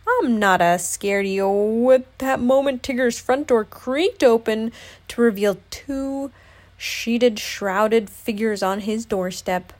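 Expressive woman reading a storybook. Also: fairly high pitch, slow pace. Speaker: narrator. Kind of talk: storybook read-aloud.

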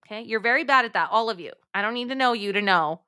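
Bright, emphatic woman coaching moms. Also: fairly high pitch, quick pace, clear, resonant tone. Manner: emphatic, direct, addresses listeners as "my friends"; acts out quoted thoughts in lively voices. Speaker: guest, mom coach. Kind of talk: podcast interview.

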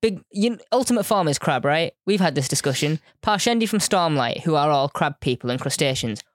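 A woman with a lowish voice chats casually as a podcast co-host, jokey and teasing. She slips into playful put-on voices. The sound is close and dry. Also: expressive, fairly quick, dry recording. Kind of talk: casual chat.

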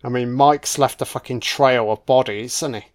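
A man's voice: medium pitch, fairly even intonation, normal speed. A man giving casual, crude commentary on a horror film, sarcastic and swearing nonstop as he mocks the characters.

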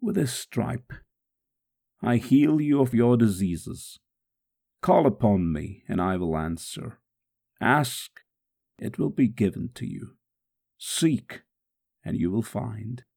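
A man's voice: lowish voice, gravelly, dark tone, breathy edge, heavily acted. A man reading aloud in the first person as a suffering man praying steadfastly through a scourging, in a solemn, prayerful way. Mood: pleading. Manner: solemn, prayerful, slow and measured.

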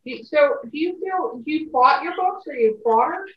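Casual co-host, a woman, slightly high voice, recorded far off in a roomy space with dull sound. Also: lively intonation, brisk. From California. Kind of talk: casual chat. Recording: distant, roomy and muffled.

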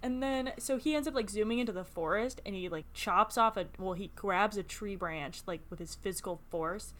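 A young woman co-hosting a podcast, retelling a book's chapters in casual chat with lots of "like" and quick laughs. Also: medium pitch. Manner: giggly, animated retelling with filler "like". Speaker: podcast co-host. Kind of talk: casual book-club chat.

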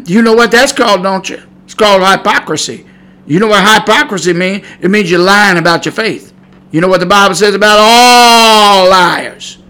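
Middle-aged podcast preacher guy, high sharp voice, gets loud and fiery then goes chatty. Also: low-quality recording. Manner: fiery, rising to shouts on warnings, then chatty asides. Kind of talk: preaching sermon. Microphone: podcast mic.

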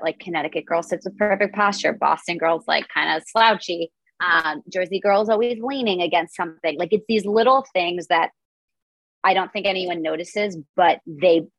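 A woman's voice: on the low side, moderate pace, fairly bright tone, dry recording, rough recording. A woman comedian being interviewed, chatting casually with lots of "like" fillers. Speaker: comedian guest.

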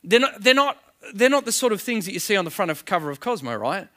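A man's voice: high voice, big pitch swings, quick pace, bright, forceful tone. A man preaching a sermon in a conversational way, full of rhetorical questions. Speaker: pastor.

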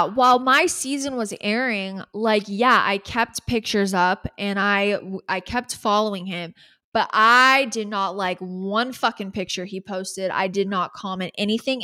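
A woman's voice: medium pitch, sharp tone. A young woman co-hosting a podcast, chatting casually and candidly, swearing freely and peppering her talk with "like". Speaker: podcast co-host. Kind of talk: casual recap chat.

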